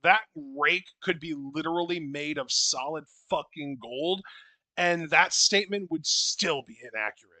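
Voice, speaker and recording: A wry man chats about wrestling with deadpan asides, his voice bright and rather high. He sounds close and dry, with no room around him. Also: dry recording, poor audio. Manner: wry, deadpan, quick to back up his co-host. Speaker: wrestling podcast co-host. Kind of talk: casual wrestling chat.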